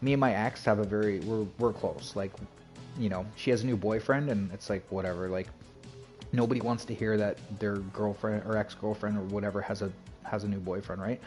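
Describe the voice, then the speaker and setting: A man's voice: lowish voice, steady tone, a little fast, a little mellow, faint music behind. Rambling man chatting on stream. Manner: rambling, filler-heavy, self-interrupting. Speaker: game streamer. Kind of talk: casual stream chat.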